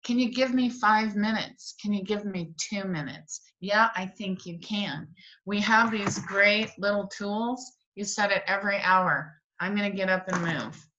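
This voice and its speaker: A woman's voice: mid-range voice, measured pace, highs cut off, background noise. A middle-aged woman coaching a virtual workshop from her desk, talking with energy and acting out the voices of people she quotes. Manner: animated, acts out quotes. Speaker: wellness coach. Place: home office at a desk.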